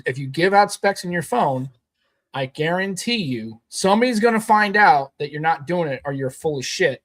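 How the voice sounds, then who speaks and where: A man's voice: fairly high pitch, a bit bright. A man co-hosting a casual tech podcast, rambling and emphatic, swearing now and then. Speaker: podcast co-host.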